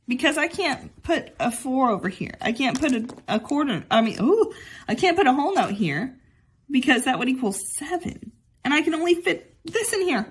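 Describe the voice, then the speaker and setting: A woman's voice: high-pitched, a bit bright, slight background noise. A young woman teaching a music lesson to children at home, chatty and cheerful, often saying y'all.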